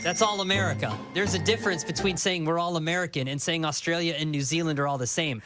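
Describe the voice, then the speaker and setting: A man's voice: on the high side, quick pace, sharp tone, dry recording, soft background music. A man co-hosting a sports radio show, arguing his point insistently with a jokey edge. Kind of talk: casual sports radio banter. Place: radio studio. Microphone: studio microphone.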